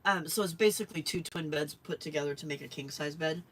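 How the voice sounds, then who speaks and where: A woman's voice: low-pitched, fast, husky. A woman hosting a live crafting stream, chatting casually and rambling as she works and answers her viewers. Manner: rambling, chatty, often laughs, reads live chat. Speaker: crafting livestream host. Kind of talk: casual chat while crafting.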